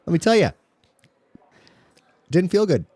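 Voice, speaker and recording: A man's voice: high-pitched, big pitch swings, unhurried, darkish tone, no echo, exaggerated voice. A man voicing a friendly Eastern Canadian office handyman with a folksy manner. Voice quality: folksy, cheerful. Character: friendly middle-aged office handyman Howie.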